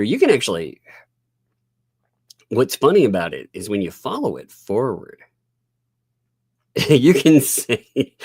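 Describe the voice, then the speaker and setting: A man's voice: lowish voice, gravelly, a little mellow, no room sound, clean studio sound. A man hosting a live-stream commentary, sarcastic and laughing often as he chats while working on his screen. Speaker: host.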